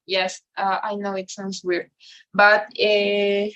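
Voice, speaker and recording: Spanish-native woman English teacher, mid-pitched, patient step-by-step explaining, keeps asking "right?". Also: fairly even intonation, slow, a bit bright, rough recording. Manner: explains patiently, tags "right?" after nearly every phrase. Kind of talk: online grammar lesson.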